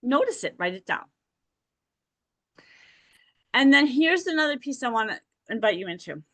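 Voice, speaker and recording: A woman's voice: sits high, sing-song, normal speed, a bit bright, no room sound. A woman hosting a podcast, talking directly and encouragingly to listeners and often checking in with "okay?". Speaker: podcast host. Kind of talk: motivational podcast talk.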